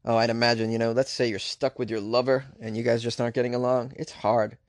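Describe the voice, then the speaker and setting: A man's voice: medium pitch, level tone, fast talker, no echo, clean studio sound. A man hosting a podcast, giving comedic commentary on odd news with crude, sarcastic riffs and asides. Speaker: podcast host.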